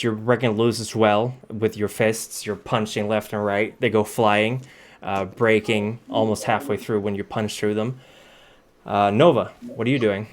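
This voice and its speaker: A man narrating a tabletop game as game master, relaxed and matter-of-fact, with frequent ums. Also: lowish voice.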